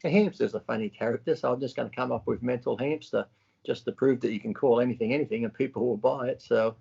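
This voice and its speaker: A man co-hosting a podcast, talking bluntly with lots of swearing and animated retellings. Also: mid-range voice, quick pace, gravelly, breathy edge, lo-fi sound. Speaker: podcast co-host. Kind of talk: casual chat.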